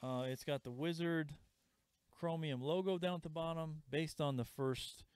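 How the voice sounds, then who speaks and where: A man hosting a live comic shop sale, chatting casually and pitching items with asides. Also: normal speed, darkish tone, clean tone, no echo. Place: comic store. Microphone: livestream camera mic.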